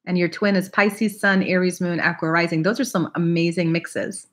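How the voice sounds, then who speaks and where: A woman's voice: lowish voice, fairly even intonation, moderate pace. Chatty woman giving a live tarot reading. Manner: chatty, laughs often, greets viewers by name. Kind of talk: live-streamed tarot reading, casual chat.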